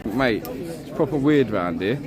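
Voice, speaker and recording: A man's voice: mid-range voice, animated, a little slow. A man vlogging casually in a town street, blunt, sweary and rambling, filmed on a handheld phone. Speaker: vlogger filming a protest. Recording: noisy crowd outdoors.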